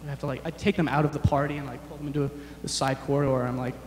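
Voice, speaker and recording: A young man performing a rambling, self-deprecating stand-up set, halting often with fillers. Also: mid-range voice, little pitch movement, a little mellow, roomy sound, big-room sound, slight background noise. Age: young adult. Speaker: stand-up comedian. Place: large chapel hall on stage.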